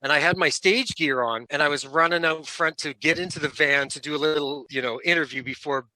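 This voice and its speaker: A man, a rock band's lead singer, casually telling lively anecdotes as a guest and laughing along. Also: a little high, fairly quick, no room sound, rough recording. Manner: animated storyteller who laughs between lines.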